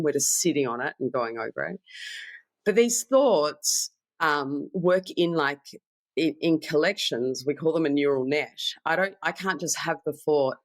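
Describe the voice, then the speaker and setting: A woman's voice: sits low, no room sound. A woman mindfulness coach explaining mental habits in a podcast chat, acting out her inner monologue in quoted asides.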